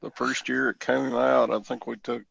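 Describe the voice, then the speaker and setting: A man's voice: medium pitch, level tone, moderate pace, creaky, a bit bright, slightly rough, lo-fi sound. A man co-hosting a morning radio show, chatting easily and recalling things. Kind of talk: casual radio chat.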